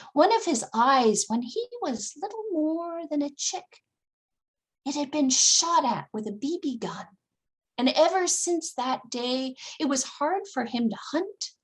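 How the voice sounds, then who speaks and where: A woman from Newfoundland telling a fairy tale to children, expressive and dramatic, with gasps and hushed asides. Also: high voice. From Newfoundland, Canada. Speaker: storyteller. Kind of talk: oral storytelling for children.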